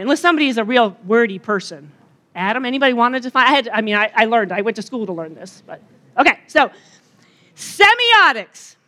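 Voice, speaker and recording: A middle-aged woman talks to a gathered audience in a loose, joking way, trading banter with them as she goes. Her voice sits high and sounds bright and forward. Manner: chatty and joking, bantering with the crowd. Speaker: retreat speaker. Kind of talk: conversational opening talk to an audience.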